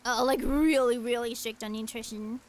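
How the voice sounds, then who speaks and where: A woman's voice: on the high side, fairly even intonation, normal speed, darkish tone. A young woman streaming a game, chatting casually and rambling through childhood stories with many restarts. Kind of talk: casual chat while gaming.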